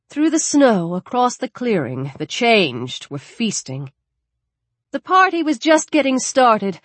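A woman reading a horror story aloud in a measured, dramatic narrating style. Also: medium pitch, no room sound. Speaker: audiobook narrator.

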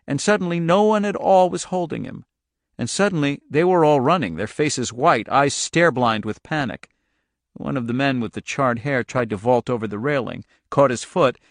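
A man narrates a novel in a steady, measured storytelling voice of middling pitch. The recording is close and completely dry, with a studio audiobook feel. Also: dry recording. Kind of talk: scripted narration.

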